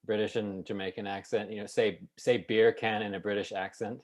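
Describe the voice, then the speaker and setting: A man's voice: on the low side, flat delivery, brisk. A man in casual chat, egging the others on with joking prompts.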